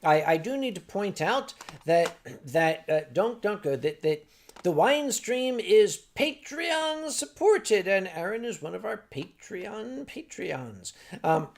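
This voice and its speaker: Older male stream host, unhurried and rambling, gravelly tone, lively swoops in pitch. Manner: rambling, wry, with frequent fillers and restarts. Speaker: livestream host. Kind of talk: casual chat reading viewer comments.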